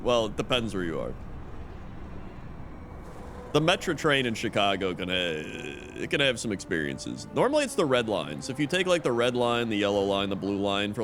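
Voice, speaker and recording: Brief: young male streamer, mid-range voice, lively animated swings, swears freely, faint game music underneath. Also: on the low side. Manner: profane, rambling storyteller. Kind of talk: casual chat.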